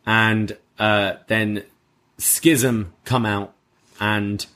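A man, co-hosting a casual wrestling review podcast, relaxed and chatty with casual swearing. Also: fairly low pitch, very slow. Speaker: podcast co-host.

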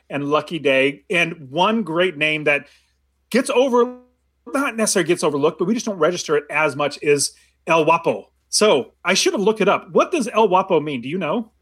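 A man's voice: a little high, animated, moderate pace, fairly bright tone, slightly rough. A man co-hosting a casual movie discussion, rambling with many restarts and frequent laughs. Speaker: podcast co-host.

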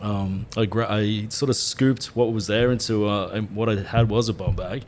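Aussie bloke rambling through a pub yarn, laughs a lot, faint hiss behind. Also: male voice, on the low side, steady tone, moderate pace, darkish tone. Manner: rambling, laughing, sweary anecdotes. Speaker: podcast co-host. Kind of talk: casual storytelling chat.

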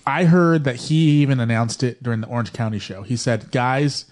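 A man's voice: medium pitch, moderate pace. A man co-hosting a podcast in casual chat, joking and telling rambling stories. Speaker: podcast co-host.

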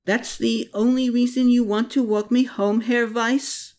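A woman's voice: on the high side, little pitch movement, a little slow, a little mellow, pitched above the performer's own voice. A narrator voicing Anna, a spirited, independent young woman who teases and grumbles. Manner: teasing, grumbling.

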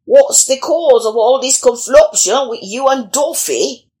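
A woman's voice: high voice, a little slow, warm tone, voice pushed up. A woman voicing a kindly, polite country squire in a storybook reading. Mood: puzzled. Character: kindly country squire, middle-aged man.

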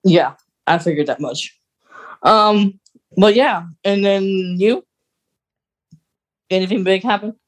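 A young man co-hosting a podcast, chatting casually in a rambling way with quick laughs. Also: high-pitched. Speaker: podcast co-host. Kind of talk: casual chat.

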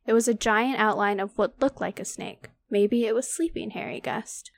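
A woman's voice: mid-range voice, moderate pace. A woman co-hosting a casual book podcast, reading a novel aloud with small slips and asides.

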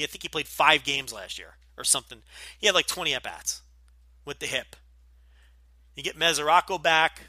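Jersey guy doing podcast q&a, blunt and sweary, really sharp bright voice, dead dry sound. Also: on the high side, no room sound. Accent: New Jersey. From Northeastern US, New Jersey. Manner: blunt, profane, opinionated. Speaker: podcast host. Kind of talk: casual Q&A podcast.

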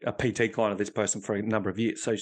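A man's voice: fairly low pitch, level tone, rapid-fire. A man, a coach, talking casually and bluntly in a podcast interview, swearing freely as he tells stories. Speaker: high performance coach.

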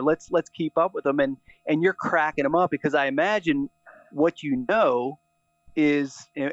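A man's voice: a little high, no echo. Male host, upbeat, restarts his phrases; dry, dull lo-fi sound. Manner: enthusiastic, repeats words as he searches. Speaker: podcast host. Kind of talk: casual interview chat.

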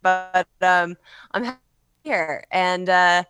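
A woman's voice: lowish voice, extremely slow, fairly bright tone, smooth, faint music behind. A woman from Los Angeles, a guest author on a casual podcast, chatty and candid, swearing and laughing often. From Los Angeles, USA.

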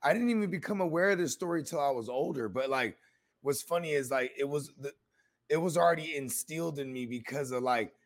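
A man's voice: fairly high pitch, a little fast. A man co-hosting a podcast, rambling in casual chat and often asking if he is understood. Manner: loose, rambling, keeps asking "you know what I mean". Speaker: podcast co-host.

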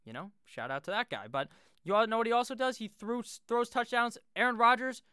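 A young man with a high, bright voice runs through fantasy football rankings in a brash, joking, foul-mouthed way. His tone is smooth and clear, recorded close and dry with no room sound. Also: brisk, no echo. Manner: brash, joking, swears freely. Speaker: fantasy football video host.

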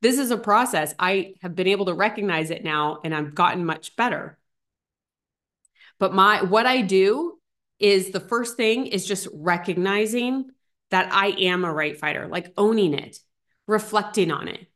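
A middle-aged woman hosting a podcast, telling stories in a chatty, animated way with lots of fillers. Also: mid-range voice, measured pace. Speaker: podcast host. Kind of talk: casual solo podcast talk.

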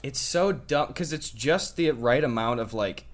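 A young man co-hosting a podcast, telling stories in a lively, laughing way and swearing casually. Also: medium pitch, measured pace. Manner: animated storyteller, laughs a lot, swears freely. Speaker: podcast co-host.

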